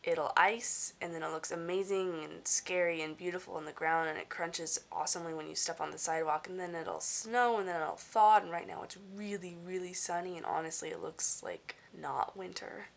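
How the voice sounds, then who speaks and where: A young woman chatting casually to the camera from her dorm room, telling a story in a bubbly, animated way. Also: fairly low pitch, a little fast, vocal fry, hardly any pauses. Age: young adult. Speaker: vlogger.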